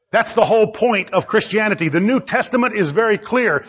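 Male preacher, high raspy voice, hammering points home in a muffled sermon recording. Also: expressive, a little fast, hardly any pauses, fairly bright tone. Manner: emphatic, repeats phrases for stress.

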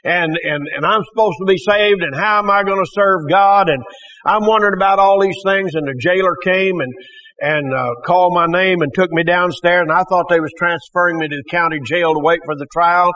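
A man's voice: high-pitched, brisk, bright, forceful tone. A man giving a church testimony, telling his story in a folksy way and acting out the voices of people he quotes. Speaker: testimony speaker. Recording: dull lo-fi recording.

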